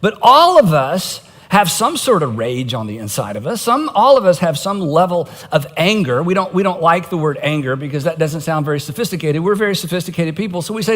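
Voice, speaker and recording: A middle-aged man preaching a sermon with a high, very animated voice. He talks casually and pokes fun at himself, with wry asides. His voice rings with the long reverb of a large auditorium. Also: a little fast, few pauses. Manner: conversational and self-mocking, with wry asides. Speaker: pastor.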